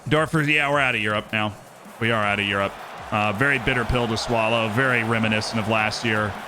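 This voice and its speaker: A man streaming a game live, commenting on the play and answering chat in a joking, animated way. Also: on the low side, a little fast, music in the background.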